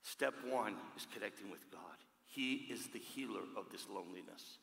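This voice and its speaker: A man preaching a sermon, emphatic, swinging from loud declarations to hushed words, recorded in a church hall. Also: lowish voice, normal speed, creaky, slight background noise. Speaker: pastor. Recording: echoey hall with long reverb.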